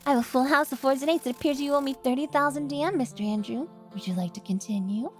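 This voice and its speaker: A woman voicing a smooth, confident male professional gambler who speaks politely and smugly. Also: sits high, quick pace, soft background music, close to an everyday voice. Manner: polite, smug and courteous.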